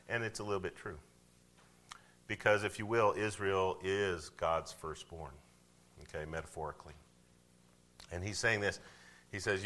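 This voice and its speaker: A man preaching a sermon, talking conversationally and asking the congregation questions, swinging from loud to hushed. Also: deep voice, measured pace, long pauses. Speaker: pastor.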